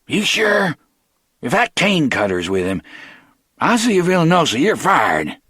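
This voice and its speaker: A man voicing a high-strung, excitable male crime boss with shrill, rising outbursts, in an audiobook. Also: unhurried, dry recording, clean studio sound, exaggerated voice. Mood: agitated.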